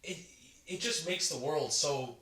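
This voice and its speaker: A man's voice: fairly high pitch, bright, forceful tone, recorded from a distance. A young man co-hosting a podcast, chatting casually and rambling as he explains. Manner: rapid, rambling, self-interrupting. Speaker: podcast co-host. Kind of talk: casual movie review chat. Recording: roomy, set back from the mic.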